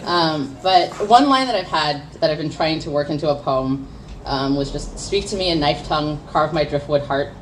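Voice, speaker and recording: A young woman poet with a low voice performs spoken word at a café open mic, switching between awkward self-deprecating chatter and impassioned verse. She is picked up from across the room, with a faint hum of ambience underneath. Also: animated, moderate pace, recorded from a distance, rough recording. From United States.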